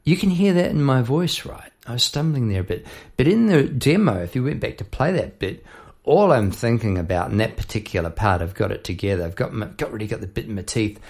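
A man's voice: mid-range voice, animated, a little fast, darkish tone. A man teaching songwriting at home at night, chatty and self-deprecating, stopping to sing lines from his song. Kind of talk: casual songwriting lesson at the piano.

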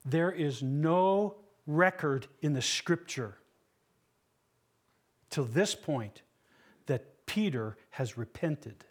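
A man delivers a sermon as pastor, his voice sitting a little high for a man. He preaches earnestly and with emphasis, poses rhetorical questions, and sinks low and quiet for the solemn moments. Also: expressive, drawn-out words, long pauses.

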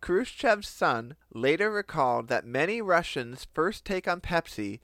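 A man co-hosting a casual comedy podcast, his bright voice leaping up and down as he spins the story. He laughs often and slips into goofy voices for the people he quotes. The sound is close and dry, with no room around it. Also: on the high side, big pitch swings, unhurried, no echo. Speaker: podcast co-host telling the story.

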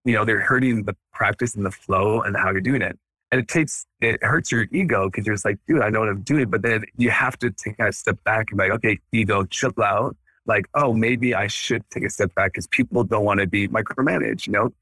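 Podcast guest: energetic dentist in his 30s, bright forceful voice, dry close sound. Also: fairly low pitch, fairly quick, dry recording. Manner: energetic, animated, acts out quotes. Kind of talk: casual podcast interview.

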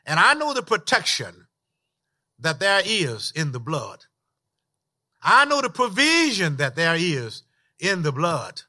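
A middle-aged man preaching a sermon with impassioned, repetitive cadence, swinging from loud declarations to hushed lines. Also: high voice, sing-song, a little slow.

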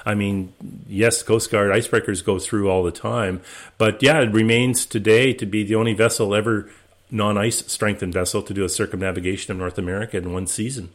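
A man, guest of an interview, telling his voyage stories in a relaxed, anecdotal way with many restarts. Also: on the low side, brisk. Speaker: interview guest, expedition skipper. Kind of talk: relaxed storytelling.

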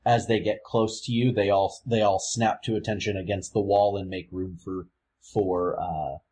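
A man's voice: sits low, fairly even intonation, normal speed, darkish tone, slight background noise. A man narrating a tabletop game as game master, hesitant, with frequent restarts. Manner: hesitant, with many fillers and restarts.

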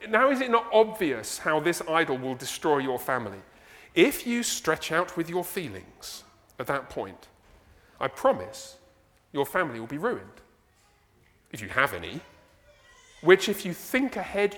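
A man with an English accent preaching a sermon as pastor, animated and conversational, full of rhetorical questions. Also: fairly high pitch, big-room sound. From England. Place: church sanctuary.

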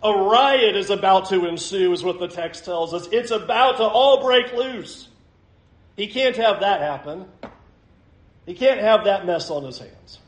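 A man's voice: sits high, lively intonation, measured pace. A man preaching a sermon in a church, emphatic and vivid, repeating his points for weight. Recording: roomy echo.

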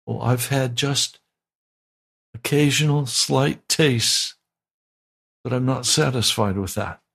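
Gravelly, fervent male preacher. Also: medium pitch, slow, a bit bright. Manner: fervent, emphatic preaching with pleading repetition. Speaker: pastor. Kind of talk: sermon. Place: broadcast sermon.

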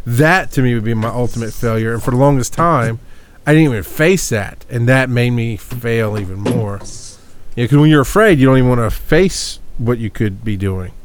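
A man in a relaxed group talk, his voice sitting in an ordinary middle register. He speaks earnestly and reflectively, often backing up to restart a thought. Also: medium pitch, moderate pace, slight background noise. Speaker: talk show host. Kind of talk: casual group discussion.

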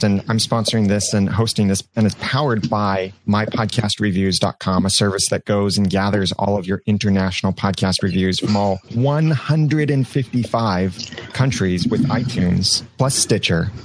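A man on a podcast calmly explaining an award he sponsors, in a steady, explanatory way. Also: lowish voice, slight background noise, low-quality recording. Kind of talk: casual podcast chat.

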